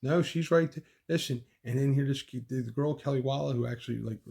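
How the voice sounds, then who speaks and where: Gravelly, profane man telling a story. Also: mid-range voice, fast talker, mellow. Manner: profane, repetitive, restarts often. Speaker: son recounting his mother's death. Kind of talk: rambling personal account.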